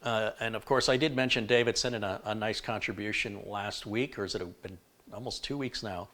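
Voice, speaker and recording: Male livestream host, low-ish voice, frank and chatty. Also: fairly even intonation, a little fast, pushed and bright. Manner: frank, shifting between stern and chatty. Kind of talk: live-stream chat.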